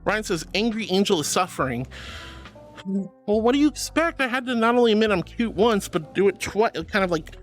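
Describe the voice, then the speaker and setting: Playful streamer woman, lively swooping voice. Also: medium pitch, fairly quick, hardly any pauses, soft background music. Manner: playful and theatrical, calls viewers darling and honey. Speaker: virtual streamer. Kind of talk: casual live-stream chat with viewers.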